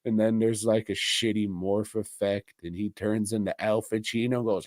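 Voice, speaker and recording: A man co-hosting a podcast, casually rambling through a movie plot with crude jokes, laughter and quick impressions of the characters. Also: lowish voice, fairly even intonation, a little mellow, no echo, studio quality. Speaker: podcast co-host. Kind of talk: casual movie review chat.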